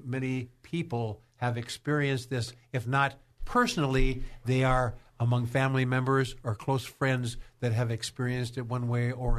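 A man hosting a Christian radio talk show, speaking in a folksy way and often repeating his words. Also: mid-range voice. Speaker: radio host.

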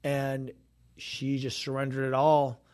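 A man's voice: mid-range voice, completely flat delivery, slow pace, darkish tone, clear, resonant tone. A man co-hosting a faith podcast, telling a story in a casual chat and acting out the quoted dialogue. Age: adult, grown pastor's kid. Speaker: podcast co-host and minister.

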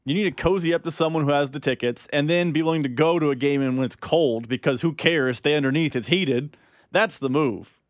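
A man co-hosting sports talk radio, fairly high-pitched for a man. He cracks dry jokes and enjoys them himself. His voice sounds close and dry. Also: brisk, no echo. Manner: wisecracking, amused at his own jokes. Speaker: radio co-host. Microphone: studio microphone.

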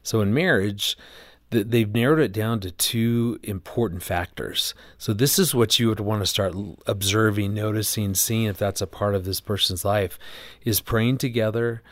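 A man's voice: fairly low pitch, normal speed, no echo. A middle-aged man, a guest on an interview show, talking earnestly about marriage and acting out the voices in his stories. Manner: earnest storyteller who acts out quoted voices. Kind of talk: conversational interview storytelling.

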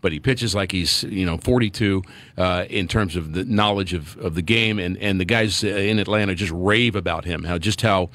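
Middle-aged male ex-player on sports radio, low-pitched, dry studio mic, earnest and halting. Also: a bit bright, no room sound. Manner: earnest, many fillers and restarts. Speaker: radio broadcaster and former player. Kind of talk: sports radio pregame chat.

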